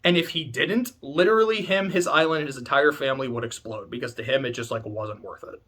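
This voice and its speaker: A man's voice: mid-range voice, quick pace, bright, forceful tone. A man ranting casually about a story, rambling, joking and swearing freely. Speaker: video host. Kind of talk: casual rant.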